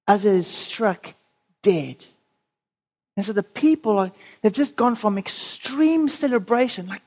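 Speaking slowly in a mid-range voice, a preacher gives a sermon. He tells a story in a lively way and voices the people in it.

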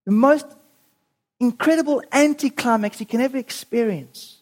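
An animated preacher works through a scripture story, acting out the voices of the people in it. The delivery is expressive and conversational, like a sermon told as a story. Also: mid-range voice, moderate pace.

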